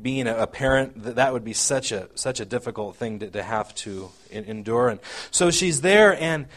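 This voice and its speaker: A man preaching a sermon, earnest and halting, often repeating words as he explains scripture and reads old-style verses aloud. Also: mid-range voice, a bit bright. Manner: reads scripture aloud in King James wording. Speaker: pastor.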